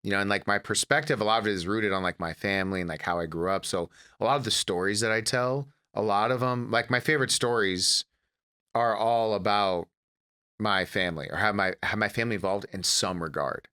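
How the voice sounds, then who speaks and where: A man's voice: on the low side, fairly quick, clear, resonant tone. A man in his thirties, from Detroit, who works as a comedian and actor and tells family stories as a podcast guest, acting out the scenes as he goes. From United States, Detroit. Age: 30s. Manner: animated storyteller, acts out family scenes. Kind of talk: casual interview storytelling.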